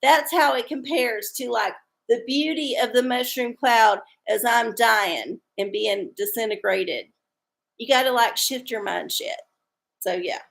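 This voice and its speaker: A woman's voice: fairly high pitch, a little slow, gravelly, a bit bright. A woman hosting a tarot livestream, chatting casually with viewers in an irreverent, rambling way and joking crudely. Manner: irreverent, rambling, crude jokes, chuckles often. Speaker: tarot-reading livestream host.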